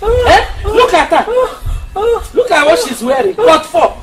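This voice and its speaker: A woman playing a scornful shouting mother. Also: extremely high pitch, big pitch swings, unhurried, very noisy, exaggerated voice. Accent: Nigerian. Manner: shouting, mocking, laughing scornfully. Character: scornful loud Nigerian mother defending her son. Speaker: mother in a family quarrel. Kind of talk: Nollywood film acting.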